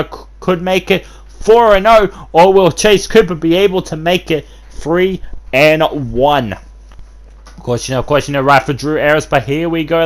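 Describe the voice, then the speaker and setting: Male wrestling commentator, a bit high-pitched; filler-heavy, rambling calls with bursts of excitement. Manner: rambling, constant fillers and restarts, bursts of hype. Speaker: host and play-by-play commentator.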